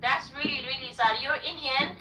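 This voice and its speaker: A woman's voice: sits high, moderate pace, pushed and bright. A woman trading crude taunts in a group voice chat, heckling others with repeated jabs. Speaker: voice chat participant. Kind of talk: crude trolling banter. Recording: distant echoey voice chat with faint noise.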